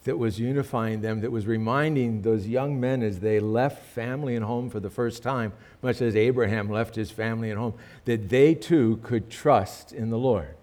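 A man's voice: mid-range voice, moderate pace, hardly any pauses, a little mellow. A male pastor praying earnestly and then telling a story in a sermon, with emphatic rises in his delivery.

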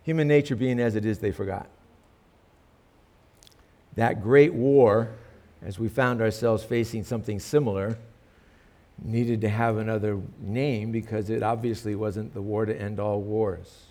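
A man's voice: on the low side, steady tone, a little slow, a little mellow. A male pastor praying earnestly and then telling a story in a sermon, with emphatic rises in his delivery.

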